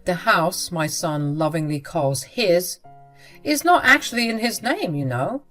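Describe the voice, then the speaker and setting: A woman's voice: on the low side, lively intonation, measured pace, a bit bright, soft background music. A woman voicing a sympathetic older father-in-law who speaks in a firm, reassuring way.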